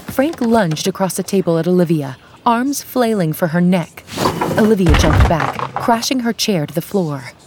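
A woman narrating a story in a steady, measured storytelling manner. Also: on the low side, background noise. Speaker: audiobook narrator. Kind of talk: scripted narration.

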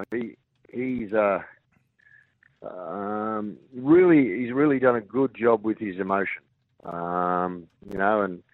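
Low-voiced Australian coach on a phone line. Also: male voice, no echo. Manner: halting, many fillers and restarts. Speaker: rugby league coach. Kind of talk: radio interview over the phone.

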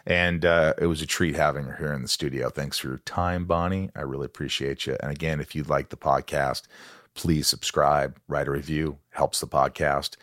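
A man's voice: rumbling low, steady tone, moderate pace, fairly bright tone, dry recording, studio quality. A man hosting a podcast, chatting with a guest in a playful, teasing, pushy way. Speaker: podcast host. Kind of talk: casual interview chat.

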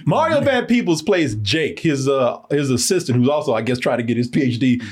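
Animated man riffing in casual chat. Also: mid-range voice, a little fast, slightly rough. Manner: animated, laughing, slangy. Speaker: podcast host reviewing a movie.

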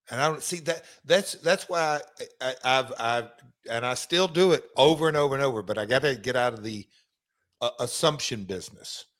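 A middle-aged man, chatting casually as a podcast host, halting with many restarts and fillers. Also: medium pitch, a bit bright. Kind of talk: casual chat.

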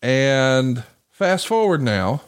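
A man hosting a casual podcast conversation, telling a long story in a profane, animated way. He slips into the voices of the people he quotes, then drops back into his easygoing mid-range delivery. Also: medium pitch, very slow, clear, resonant tone. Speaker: podcast host.

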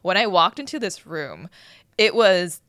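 A woman's voice: fairly low pitch, measured pace, dry recording, studio quality. A woman co-hosting a podcast, chatting casually and laughing as she tells stories. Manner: expressive, laughs while telling stories. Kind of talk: casual chat.

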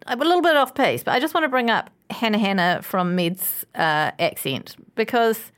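A woman's voice: animated, moderate pace, fairly bright tone, clear, resonant tone. Woman, podcast co-host, casual chat, rambling, restarts sentences. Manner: rambling, restarts and trails off into lower asides.

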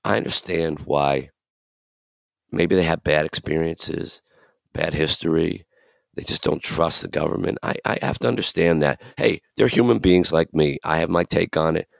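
A man with a deep, gravelly voice hosts a reflective podcast. He talks earnestly and with emphasis, acting out the voices he quotes. The sound is close and dry. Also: moderate pace, no room sound. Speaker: podcast host.

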